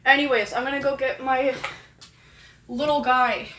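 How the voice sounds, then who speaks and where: A woman's voice: sits high, steady tone, normal speed, fairly bright tone, roomy sound, slight background noise. A woman streamer in casual live-stream chat, rambling and self-deprecating, filling her talk with "like".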